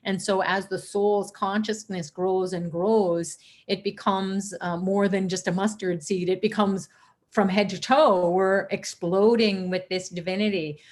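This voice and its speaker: A woman giving an earnest spiritual talk on a chanting call, telling stories with animated quotes and laughter. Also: medium pitch, unhurried.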